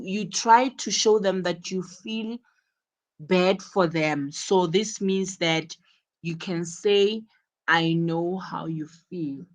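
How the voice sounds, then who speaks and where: A woman teaching an English lesson, explaining each point carefully and repeating words for emphasis. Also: mid-range voice. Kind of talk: classroom explanation.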